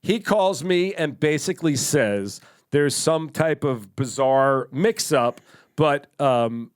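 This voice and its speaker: A man co-hosting a podcast, telling a long story in casual chat, animated, laughing and swearing now and then. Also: on the high side, slow pace, clear, resonant tone. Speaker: podcast co-host.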